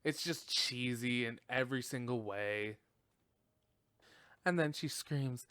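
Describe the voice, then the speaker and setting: A man hosting a podcast, reviewing a film in casual chat, profane and animated, laughing often. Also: medium pitch, slow, long pauses, smooth, dry recording. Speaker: podcast host.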